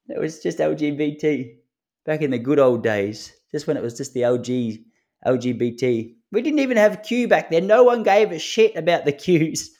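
In his 30s, this podcast host tells comedic stories alone, easygoing and prone to chuckling at his own humor. His voice leans high with a darkish tone and lively intonation, at a normal speed.

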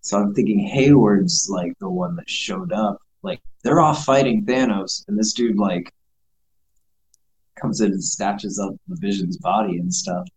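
A man's voice: lowish voice, a little slow, darkish tone, slight background noise, low-quality recording. A man chatting casually as a co-host, loose and slangy with lots of fillers. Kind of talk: casual chat.

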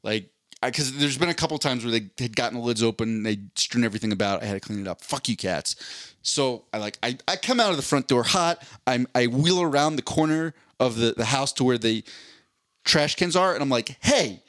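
Man, podcast co-host, swearing storyteller, lively swooping pitch, dry close mic. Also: fairly quick, no room sound. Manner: profane, animated, acts out voices in his story. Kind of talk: casual storytelling chat.

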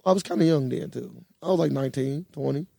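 A young man co-hosting a casual podcast, telling a story in an animated, profane way. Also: mid-range voice, quick pace, creaky, no echo, clean studio sound. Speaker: podcast co-host. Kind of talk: casual chat.

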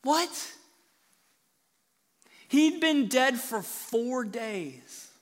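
Guy pastor preaching, lively storytelling, goes quiet then loud, echoey church hall. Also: high voice, a little slow. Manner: animated storytelling, swings from hushed to loud. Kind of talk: sermon.

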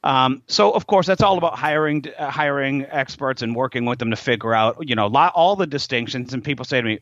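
A doctor appears as a guest in a casual interview, telling stories animatedly and acting out quotes. He has a medium-pitched voice and talks fast with hardly any pauses. The recording is dry and dull, with a lo-fi sound and no echo.

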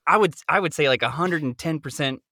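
A man's voice: on the high side, fast talker, bright, forceful tone, no room sound, clean studio sound. A man co-hosting a casual voiceover podcast, easygoing and encouraging, with many ums and uhs. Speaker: podcast co-host.

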